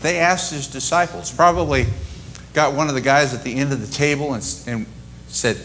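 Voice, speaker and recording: A man's voice: mid-range voice, brisk, fairly bright tone, a little hiss or hum. A man preaching a sermon and retelling scripture in a casual, storytelling way. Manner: conversational storytelling. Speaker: pastor.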